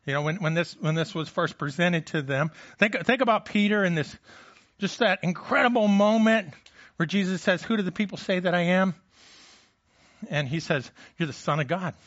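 A man's voice: high voice, moderate pace, fairly bright tone, no room sound, highs cut off. A man preaching a sermon in a conversational way, with frequent restarts and rhetorical questions. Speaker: pastor.

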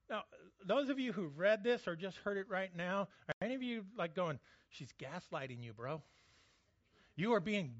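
A man's voice: high-pitched, fairly bright tone, no room sound, dull audio. A man preaching a sermon in a conversational, joking way, often restarting his words. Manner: conversational, jokey, frequent restarts. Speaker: pastor.

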